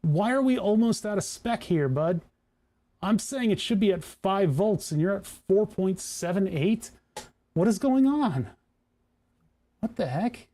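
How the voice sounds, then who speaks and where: A man's voice: sits high, expressive, a little slow, warm tone. A man who streams on Twitch, chatting casually to himself while tinkering at his workbench, grumbling and joking.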